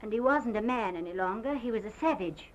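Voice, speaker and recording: An actress playing a distraught planter's wife who gives a halting, theatrical statement in an early sound film. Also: female voice, a little high, expressive, lightly acted. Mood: shaken. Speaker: witness giving a statement. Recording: muffled 1929 film sound with faint hiss.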